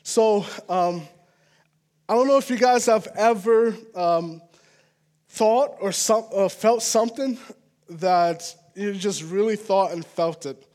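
A man with a strikingly high voice gives a relaxed, conversational sermon, talking with his congregation like a pastor. He's earnest and personal, casually checking in with frequent quick "all right?" asides.

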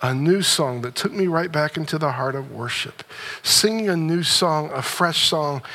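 A man's voice: fairly high pitch, animated, normal speed, pushed and bright. A man preaching a sermon as pastor, earnest and repeating phrases for emphasis as he leads the congregation.

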